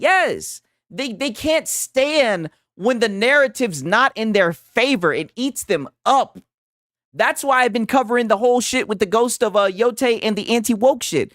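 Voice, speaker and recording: A man's voice: sits high, no echo. Man streamer, reaction commentary, swings up and down a lot, dry close sound, crude trash talk. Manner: animated, profane trash talk. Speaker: streamer host.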